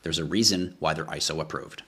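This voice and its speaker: A man with a very deep, slightly rough voice and a sharp tone talks fairly quickly while hosting a crypto livestream. Ranting with passion in casual talk, he swears often, poses rhetorical questions, and pleads with the audience.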